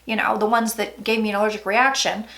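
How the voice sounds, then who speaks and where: A woman psychic talking through a tarot reading in a chatty, dramatic way, with sudden loud asides. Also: medium pitch, level tone, quick pace, creaky. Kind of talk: casual tarot reading vlog.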